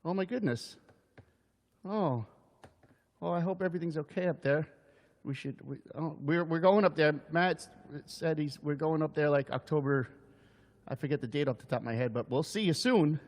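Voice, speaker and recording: A man's voice: fairly high pitch, normal speed, big-room sound. A man livestreaming as a busker, singing and chatting loosely with his viewers, joking and swearing casually. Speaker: busker hosting a live stream. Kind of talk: live-streamed singing and chat with viewers. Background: his own acoustic guitar.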